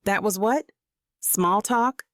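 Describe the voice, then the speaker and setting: A woman's voice: medium pitch, slow pace, dry recording, studio quality, lightly acted. A woman narrator voicing a blunt, matter-of-fact young man in an audiobook. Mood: accusing. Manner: flat, blunt delivery.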